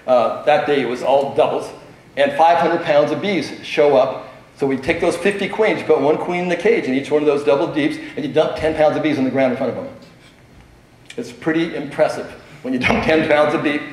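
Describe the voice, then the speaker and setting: A middle-aged man giving a talk at a convention, a chatty storyteller who laughs often and fills gaps with um and uh. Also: fairly high pitch. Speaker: convention speaker. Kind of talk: conference talk with anecdotes. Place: large convention hall. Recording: echoey hall with strong reverb.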